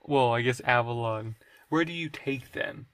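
A game master running a tabletop role-play podcast who keeps the scene moving with relaxed questions to the players. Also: medium pitch, a little slow, no echo.

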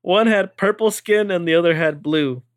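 A man co-hosting a podcast, reading out scene narration and stage directions in a relaxed way. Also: high-pitched, normal speed, no room sound, studio quality. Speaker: podcast co-host.

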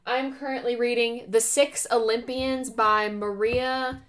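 A woman's voice: a little high, fairly even intonation, measured pace, fairly bright tone. A woman co-hosting a book podcast in casual chat, speaking hesitantly and double-checking herself as she goes.

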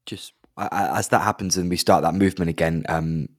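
A man's voice: low voice, fairly even intonation, a little fast, no room sound, clean studio sound. A man playing in a tabletop role-playing game, casual and hesitant as he speaks in character and describes actions. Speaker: player.

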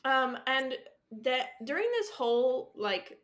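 A woman's voice: sits high, big pitch swings, slow, a bit bright. A woman co-hosting a chatty podcast, gushing about a book with many "um"s and "like"s and frequent giggles. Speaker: podcast co-host. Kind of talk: casual chat.

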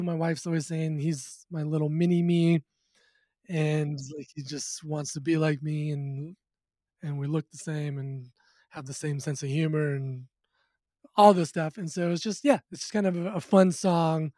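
Male guest, casual and laid-back, slightly raised pitch, dry close mic. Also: steady tone, a little slow, a little mellow, no echo. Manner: easygoing, laughs often, slips into playful quoted voices. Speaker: musician guest. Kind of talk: casual interview chat.

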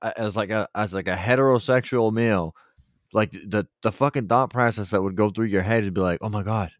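A man's voice: lowish voice, a little fast, dry recording, clean studio sound. A man hosting a casual podcast, talking bluntly with lots of swearing and laughter. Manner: blunt, profane, laughs often.

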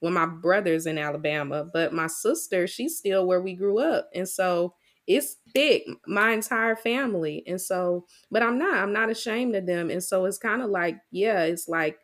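Woman with a Southern US accent, lower pitch, earnest conversational interviewer. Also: moderate pace.

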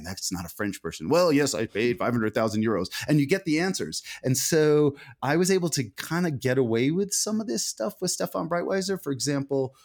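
In a mid-range voice with a darkish tone, an American author being interviewed in a conversational way thinks aloud, frequently restarting sentences and correcting himself.

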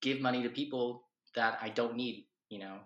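A man's voice: medium pitch, fairly even intonation, moderate pace, fairly bright tone, lo-fi sound. A man hosting a podcast, chatting casually in a rambling way and laughing easily. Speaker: podcast host. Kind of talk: casual chat. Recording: echoey room.

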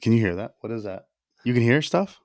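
A man's voice: mid-range voice, expressive, fairly quick, darkish tone, no echo, clean studio sound. A man co-hosting a casual podcast, joking crudely and swearing freely, talking over a headset mic. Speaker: podcast co-host. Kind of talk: casual chat.

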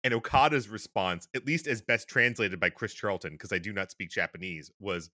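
A man in his thirties co-hosting a podcast, talking in a casual, animated way and laughing often. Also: fairly low pitch, moderate pace, dry recording, studio quality. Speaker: podcast co-host. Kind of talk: casual chat.

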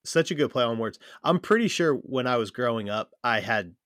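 A man's voice: mid-range voice, animated, fairly quick, a bit bright, no echo, clean studio sound. A man co-hosting a podcast, chatting casually and enthusiastically about favorite comedy scenes, laughing often. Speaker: podcast co-host. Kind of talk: casual chat.

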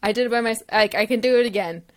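A young adult woman co-hosting a casual chat, telling a story in an animated way and acting out the voices of people she quotes. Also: a little high, racing. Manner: expressive, often laughing. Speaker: podcast co-host.

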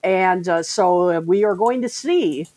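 A woman's voice: fairly low pitch, slow pace, warm tone, dry recording. A woman co-hosting a podcast, chatting informatively about sixties music history. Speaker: podcast co-host. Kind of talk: casual music history chat.

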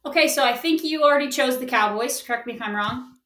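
A woman co-hosting a casual sports podcast, wry and quick to laugh. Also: sits high, fairly bright tone, distant mic. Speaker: podcast co-host. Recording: echoey, off-mic.

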